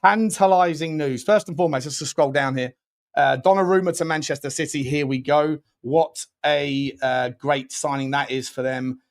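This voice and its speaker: A young man, hosting a casual live fan stream, rambling and chatty, with sudden loud bursts of excitement when he thanks viewers. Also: medium pitch, moderate pace. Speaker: fan channel host.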